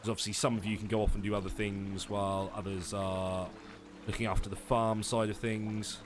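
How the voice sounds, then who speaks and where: Male game streamer, lower register, casual chatty manner, hedges a lot, quick to laugh. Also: noisy background. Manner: relaxed and chatty, hedging with fillers and laughing often. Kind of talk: casual live-stream chat reading viewers' comments.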